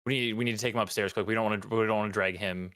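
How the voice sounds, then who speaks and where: Man playing a frantic fantasy guard captain, excited, low, urgent. game voice. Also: clear, resonant tone, no echo, clean studio sound, natural voice. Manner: hurried, urgent.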